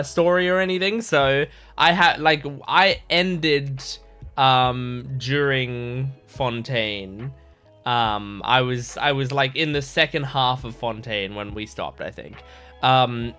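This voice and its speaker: A man's voice: medium pitch, bright, forceful tone. A man hosting a reaction video in casual chat, rambling and chatty with frequent restarts.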